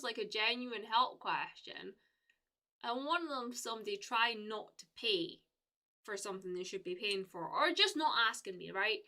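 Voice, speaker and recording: A young woman from the UK talks casually to her live stream viewers, with a bright, slightly high voice. She rambles, piling up fillers and restarting her sentences as she goes.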